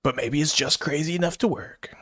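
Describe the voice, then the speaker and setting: A man's voice: a little high, fairly quick, sharp tone, slightly rough, no echo, clean studio sound. A man giving casual live commentary while playing a card game, stuttering and restarting often as he thinks aloud. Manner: stutters, many restarts and fillers.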